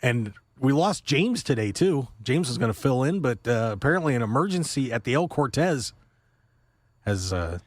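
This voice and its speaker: A man running a radio talk show, swinging his pitch all over as he cracks sarcastic jokes. The studio sound is close and dry, with no room around it. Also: moderate pace, no echo. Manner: sarcastic, joking, lively. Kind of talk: casual wrestling radio chat. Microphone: studio microphone.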